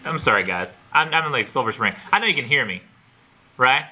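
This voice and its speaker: A man's voice: mid-range voice, animated, fairly quick, bright, forceful tone, lo-fi sound. A man teaching a college literature class in a casual, rambling, self-deprecating way, in a classroom on a camera mic. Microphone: classroom computer camera for remote students.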